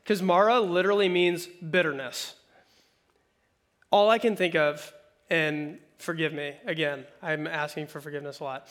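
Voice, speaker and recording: A male pastor preaching a conversational, animated sermon, reading scripture and acting out quotes. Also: fairly high pitch, moderate pace.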